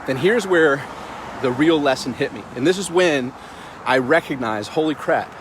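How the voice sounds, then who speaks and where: A man's voice: medium pitch, expressive, moderate pace, background noise. A middle-aged man telling a story on a casual livestream during a morning walk, repeating words and greeting passersby. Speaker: motivational vlogger.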